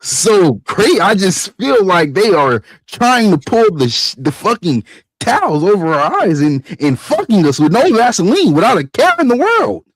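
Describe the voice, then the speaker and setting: A man hosting a podcast, ranting in a profane, animated way that climbs to near-shouting. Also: high-pitched, normal speed, no echo. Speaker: podcast host.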